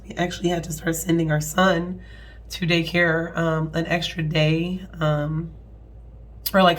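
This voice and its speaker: Hoarse, sick woman with a low voice. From American Midwest. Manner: chatty, apologetic, rambling with fillers. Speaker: budgeting channel host. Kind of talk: casual budgeting walkthrough.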